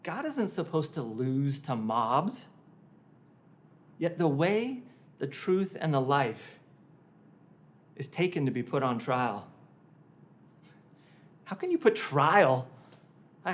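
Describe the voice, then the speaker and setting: Dramatic pastor preaching with loud-hushed swings. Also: male voice, high voice. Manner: dramatic retelling with sharp shifts between loud and hushed. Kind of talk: sermon.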